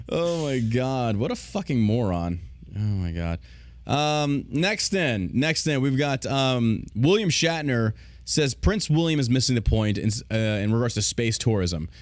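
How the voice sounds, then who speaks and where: A man's voice: medium pitch, very animated, unhurried, no room sound. A man hosting a podcast, ranting in casual, profane, sarcastic commentary. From United States. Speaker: podcast host.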